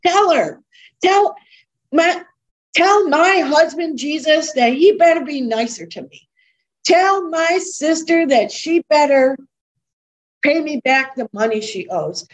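A woman's voice: high voice, animated, slow pace, voice pushed up, low-quality recording. A woman preacher putting on the voice of a demanding woman who orders God around in prayer, in an insistent, mocking way.

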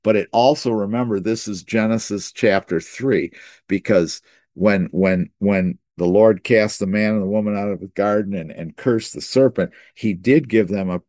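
Male preacher, low voice, dry sound, sermon-style Bible teaching that stumbles and repeats. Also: darkish tone, no room sound. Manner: repeats words while thinking, slows for key phrases.

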